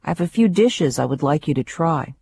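A woman's voice: low-pitched, expressive, a little fast, vocal fry, dark tone, slightly rough, full character voice. A woman voicing an eager young male chef who speaks in a thick Austrian accent. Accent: Austrian (put on).

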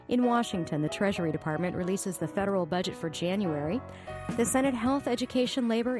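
A woman presenting a radio events calendar, listing items crisply with emphasis. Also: medium pitch. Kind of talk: scripted news reading.

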